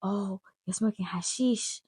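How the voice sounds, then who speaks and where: A woman's voice: medium pitch, a little slow, darkish tone, husky, no room sound, pitched above the performer's own voice. A woman voicing her startled mother, who hisses and then calls out sharply at night. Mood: alarmed.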